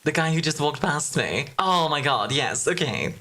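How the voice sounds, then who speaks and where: A woman's voice: low-pitched, sing-song, normal speed, bright, forceful tone. A young woman streaming a game in casual chat, playful and self-mocking, often breaking into laughter.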